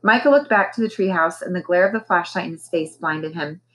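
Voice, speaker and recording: A woman teacher reading a children's novel aloud with expressive storytelling. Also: on the low side, fairly quick, rough recording.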